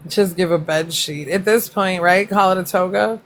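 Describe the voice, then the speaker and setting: A woman's voice: on the low side, fairly even intonation, moderate pace, hardly any pauses. A woman hosting a casual livestream, chatting and reacting to comments, laughing often and swearing freely. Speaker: livestream host.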